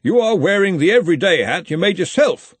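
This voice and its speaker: A smug, genteel rival wizard who sounds breezily pleased with himself, as a man voices him for a storybook. His voice sits high and lilts, and it has a slightly husky grain. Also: big pitch swings, brisk, no room sound, exaggerated voice. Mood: blithe. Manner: blithe, genteel, self-satisfied. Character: smooth, cheerful, smug rival male wizard.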